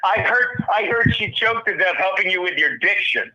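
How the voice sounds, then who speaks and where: Man, high and bright, teasing caller, muffled phone audio. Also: animated, normal speed. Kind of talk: casual chat over the phone.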